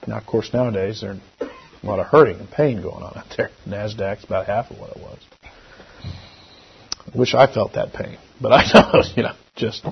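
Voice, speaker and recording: A middle-aged man giving a church lesson with anecdotes, talking conversationally and swinging between loud emphasis and quiet asides. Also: medium pitch, creaky, husky. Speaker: lay preacher. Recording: dull lo-fi recording.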